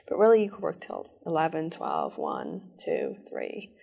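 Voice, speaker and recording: A woman recounting her experience in an interview, her voice sitting a little low with a gravelly fry. She speaks earnestly and tends to rush her sentences. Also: huge pitch swings, warm tone. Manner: earnest, rushed storytelling. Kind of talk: personal testimony.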